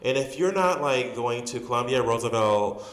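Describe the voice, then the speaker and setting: A man in his usual middle pitch tells theater stories as an interview guest, rambling with fillers and restarts. The sound is roomy, with a long echo trailing off each phrase. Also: normal speed. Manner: animated storyteller, many fillers and restarts. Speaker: stage actor guest. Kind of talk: casual storytelling interview. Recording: roomy reverberant room.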